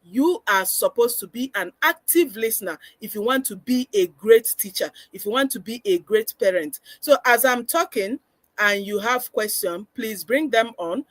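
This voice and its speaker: Woman, parenting coach, fairly high voice, dry close sound, earnest webinar lecture. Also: lively intonation, moderate pace, no echo. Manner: earnest, instructive, acts out parent-child exchanges.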